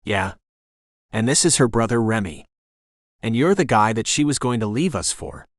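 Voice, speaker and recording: A man's voice: medium pitch, lively intonation, moderate pace, dry recording, studio quality, close to an everyday voice. A man voicing a blunt young woman who keeps the peace in a bossy, exasperated, no-nonsense way, read from an audiobook.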